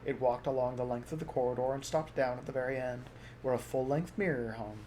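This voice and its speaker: Soft-spoken man reading a story aloud. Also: mid-range voice, a little fast, slight background noise. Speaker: audiobook reader. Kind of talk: storybook narration.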